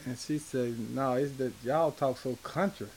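A man from Atlanta with a Southern accent, telling stories in an interview in a halting, rambling way full of fillers. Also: mid-range voice, darkish tone, a little hiss or hum, low-quality recording. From Atlanta, Georgia. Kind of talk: casual storytelling in an interview.

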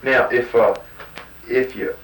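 A man interviewing, asking prompting questions in a halting way with many fillers and restarts. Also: mid-range voice, steady tone, fairly bright tone. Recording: roomy, distant mic with faint noise.

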